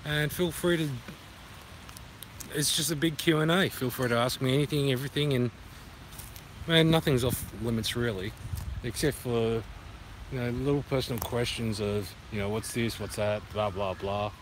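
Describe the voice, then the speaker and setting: A man's voice: mid-range voice, moderate pace, pauses often. Australian man, outdoor phone vlog with traffic noise, loose rambling talk full of puns. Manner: rambling and punning, sings along loosely. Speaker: vlogger. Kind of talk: casual walking vlog. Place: outdoor park by a duck pond. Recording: noisy outdoor phone recording. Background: outdoor ambience with passing traffic.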